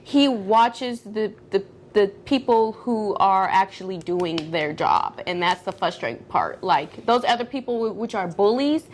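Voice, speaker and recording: A woman in her thirties co-hosting a casual podcast, talking in an animated way and acting out the voices of people she quotes. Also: mid-range voice, unhurried, hardly any pauses, slight background noise. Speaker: podcast co-host. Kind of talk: casual chat.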